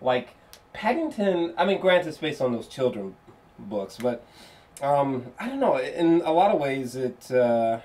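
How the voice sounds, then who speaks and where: Rambling excitable man reviewing a film. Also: medium pitch, measured pace. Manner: rambling and excitable, lots of fillers and restarts, swears freely. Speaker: movie reviewer. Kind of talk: casual spoken film review.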